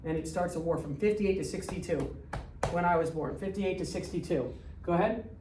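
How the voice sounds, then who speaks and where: A history teacher in her 60s lectures a class bluntly, firing rapid questions at students, her voice fairly low. The distant mic picks up an echoey room and a noisy background.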